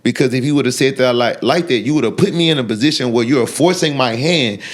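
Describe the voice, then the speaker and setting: A man talks in an unfiltered interview. He is blunt and profane, and he rambles with frequent restarts and fillers at a middle pitch. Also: fast talker. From Texas. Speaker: guest. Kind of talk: unfiltered sit-down interview talk.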